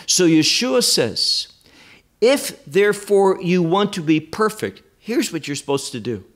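A man teaching through a Bible passage verse by verse. He speaks slowly and with strong emphasis, his fairly high voice swinging widely in pitch to stress key words. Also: sing-song, fairly bright tone. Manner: slow, emphatic, rises and falls for stress.

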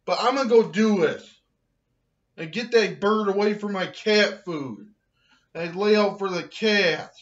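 A man rants for laughs, drawing his words out very slowly and breaking into shouts. His voice sits high and sounds bright and tense. The recording is dull and lo-fi. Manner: slow, loud, shouting angry outbursts. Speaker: comedic vlogger ranting to camera. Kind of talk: comedic rant.

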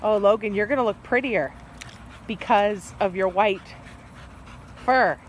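A woman's voice: mid-range voice, unhurried, slight background noise. A woman in a casual home video, scolding her pet in an exasperated way.

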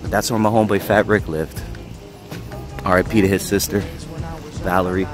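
A man talking casually as he walks and films, reminiscing and sometimes dropping to a hush. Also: sits low, level tone, moderate pace, over music. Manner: reminiscing, hushed at times. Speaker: vlogger. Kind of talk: casual walking vlog.

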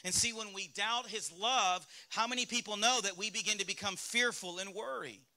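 A man's voice: high voice, normal speed, pushed and bright. A male pastor with a Southern US accent preaching a sermon in a church, speaking candidly and asking the congregation rhetorical questions. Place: church sanctuary.

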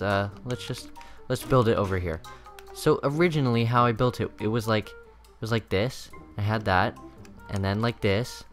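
A teenage boy hosting a gaming channel, rambling through casual gameplay commentary with lots of fillers and bursts of excitement. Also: medium pitch.

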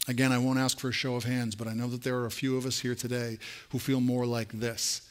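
Casting: male pastor, mid pitch, earnest sermon to his congregation. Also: little pitch movement, fast. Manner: earnest, direct address to congregation; rising to an emphatic pitch near the end. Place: church.

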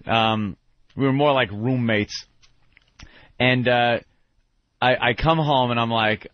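Man, radio host, rambling crude storytelling, mid-pitched voice, dull lo-fi broadcast sound. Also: steady tone, slow, pauses often, no echo. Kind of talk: casual radio talk, storytelling. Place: radio studio.

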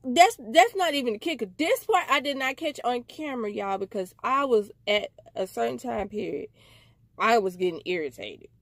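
A woman telling a casual storytime to camera, animated and slangy, talking straight to her viewers. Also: a little high, normal speed, no echo. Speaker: storytime vlogger.

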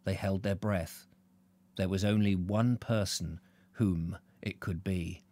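A man narrating a novel aloud in a live reading, expressive, correcting his slips as he goes. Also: deep voice, slow.

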